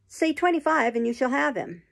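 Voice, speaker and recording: A woman's voice: high-pitched, expressive, fairly quick, vocal fry, voice pushed up. A woman reading the lines of an eager male horse salesman, haggling and persuasive in a storybook. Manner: bargaining, persuasive.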